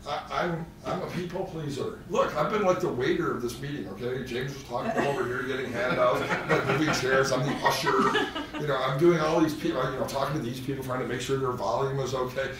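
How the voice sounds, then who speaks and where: A man's voice: medium pitch, a little fast, fairly bright tone. A man giving a live therapy training lecture, with joking, self-deprecating asides. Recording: echoey room, distant mic, faint noise.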